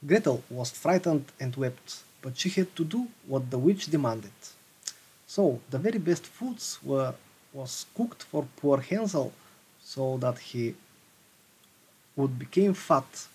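Guy reading a fairy tale, raspy voice, stumbles and restarts a lot. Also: mid-range voice, lively intonation, a little mellow, low-quality recording. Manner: halting, with restarts and small laughs. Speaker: storyteller.

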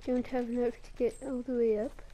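A woman's voice: a little high, level tone, a little fast, warm tone, a little hiss or hum. A woman giving live commentary while playing a battle royale game, muttering to herself and breaking into sarcastic, swearing outbursts. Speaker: gamer.

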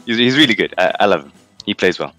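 With a voice on the low side and a fairly bright tone, a man from London casts a game tournament. The commentary is casual and rambling, full of jokes and laughter.

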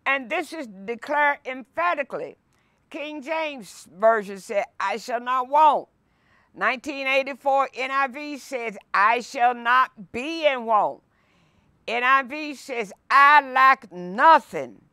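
A woman pastor leading a Bible lesson, reading scripture aloud and preaching with slow emphasis and repetition. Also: high-pitched, bright, forceful tone, no room sound, studio quality. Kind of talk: sermon-style Bible lesson. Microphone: no mic, by her own words.

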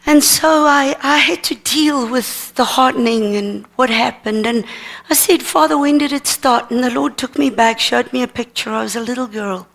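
A middle-aged woman teaching at a ministry seminar, sharing a personal testimony in an earnest, halting way with repeated words. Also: fairly high pitch, creaky, a bit bright.

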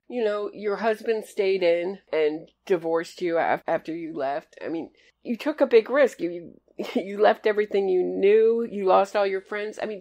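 A woman's voice: mid-range voice, darkish tone. A woman hosting an interview, asking questions in a conversational way. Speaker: host.

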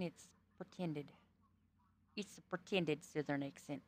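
A woman's voice: lowish voice, a little slow. A woman from the US East Coast, streaming a roleplay game and chatting casually, blunt and profane in an easygoing way. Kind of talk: casual chat while playing a roleplay game.

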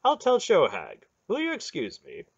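A man doing a calm, hawk-faced horseman. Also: sits high, normal speed, creaky, no echo, lo-fi sound, pitched above the performer's own voice, full character voice. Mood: eager. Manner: calm, matter-of-fact.

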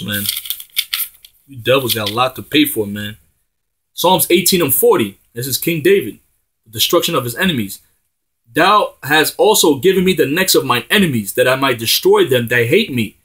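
A man's voice: medium pitch, big pitch swings, moderate pace, long pauses, a bit bright, husky. A man preaching, reading scripture aloud and breaking in with emphatic, profane street talk. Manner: emphatic, profane and slangy between verses.

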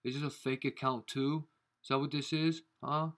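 Man, confrontational vlog ranter; slangy, repeats insults, average pitch. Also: little pitch movement, moderate pace, a bit bright. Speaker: YouTuber. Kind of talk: angry screen-share rant.

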